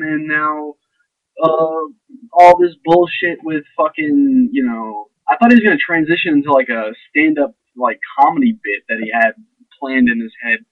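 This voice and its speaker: A man's voice: on the high side, normal speed, no room sound, narrow, tinny audio. A young man ranting to camera in a blunt, sarcastic, profane and rambling way. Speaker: vlogger. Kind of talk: casual ranting monologue.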